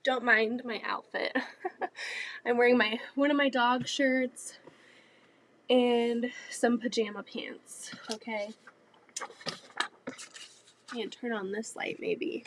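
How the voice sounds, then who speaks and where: A woman's voice: fairly high pitch, fairly even intonation, takes it slowly, pauses often. A woman in her thirties with a cold and a nasal voice, chatting casually and half-whispering as she sews at home. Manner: talks softly, often half-whispering. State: congested with a cold. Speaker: vlogger. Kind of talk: casual chat while sewing. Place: home sewing room, indoors.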